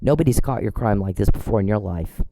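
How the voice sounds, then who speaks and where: A man with a low, mellow voice scolds an absent person in a long, profane rant. He is confrontational and repeats his demands again and again. The sound is dry and close. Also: animated, quick pace, dry recording, low-quality recording. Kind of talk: angry monologue addressed to an absent person.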